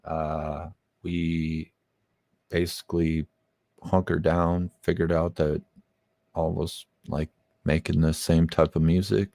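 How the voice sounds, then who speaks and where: A podcast guest with a dark bass voice talks about his music slowly and with flat delivery, recorded with no room sound. Laid-back in a casual interview, he rambles with lots of fillers and swearing.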